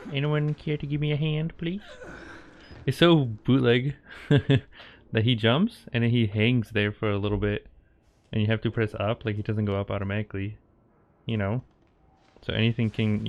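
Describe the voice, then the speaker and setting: A man's voice: lowish voice, little pitch movement, moderate pace, highs cut off. A man streaming a horror game, joking playfully with his chat as he plays. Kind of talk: live gameplay commentary.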